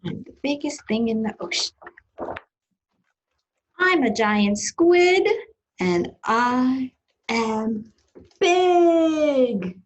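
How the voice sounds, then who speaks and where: A woman's voice: sits high, animated, highs cut off, full character voice. A woman playing a boastful giant squid. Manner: bragging, drawn-out proclamations. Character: boastful male giant squid, huge and proud. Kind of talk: storybook read-aloud.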